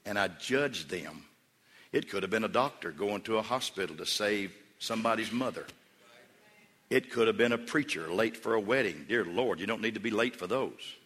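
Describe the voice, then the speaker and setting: A man preaching a sermon as pastor, moving between hushed storytelling and loud, emphatic calls to the congregation. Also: lowish voice, breathy edge. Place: church sanctuary. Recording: long hall reverb.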